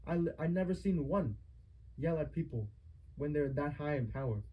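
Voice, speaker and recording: Young guy with a husky, high-ish voice, fired up and firing question after question at his mom. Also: animated, normal speed, muffled recording. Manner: accusing, repetitive rhetorical questions. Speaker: son confronting his mother. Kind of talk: heated family argument.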